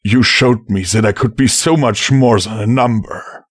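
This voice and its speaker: A man as a gentle dying stallion father. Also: fairly low pitch, measured pace, breathy edge, no room sound, clean studio sound. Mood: resigned. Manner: soft, tender and quiet. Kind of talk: audiobook character voice.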